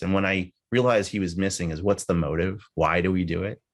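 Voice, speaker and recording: Deep, gravelly man telling a candid story. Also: steady tone, a little fast. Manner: candid, conversational, with casual swearing. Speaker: speaker at a memorial gathering. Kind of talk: personal storytelling tribute. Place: live gathering with people present.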